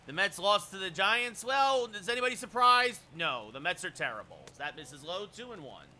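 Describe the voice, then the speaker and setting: A man streaming a baseball video game, calling the plays like a broadcaster and chatting with viewers between pitches. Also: very animated, normal speed, a little hiss or hum. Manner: erupts into shouted home-run calls. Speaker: streamer doing play-by-play. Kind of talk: live-stream game commentary.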